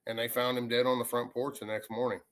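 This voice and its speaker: A man, a paranormal investigator telling a ghost story in a rambling, animated way. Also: medium pitch, fast. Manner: rambling, animated retelling with acted quotes. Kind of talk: casual storytelling.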